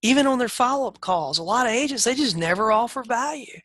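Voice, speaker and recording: A man's voice: very high voice, lively intonation, quick pace, hardly any pauses, a bit bright, dry recording. A middle-aged man coaching real estate agents on a live webinar, direct and folksy, acting out sales calls. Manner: direct, folksy, acts out seller calls in a raised voice.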